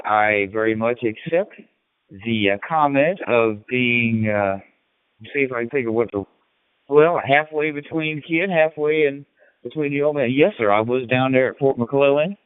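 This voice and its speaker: A man's voice: medium pitch, animated, a little slow, clear, resonant tone, no room sound. Folksy older man over tinny radio. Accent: slight Southern twang. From Illinois. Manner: rambling, folksy storyteller with many fillers. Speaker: ham radio operator. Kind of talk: casual radio chat.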